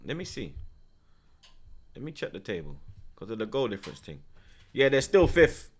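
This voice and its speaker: A young man reacts live to a football match as the host of a watchalong. He talks in a slangy, animated rant, getting loud when he is indignant and dropping to muttering in between. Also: mid-range voice, moderate pace, breathy edge. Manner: animated, ranting, London slang.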